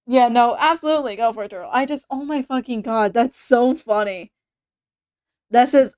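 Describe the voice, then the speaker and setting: Rambling, slightly high-voiced woman streamer. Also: normal speed, a little mellow. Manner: rambling, hesitant, with frequent restarts. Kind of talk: casual reaction stream chat.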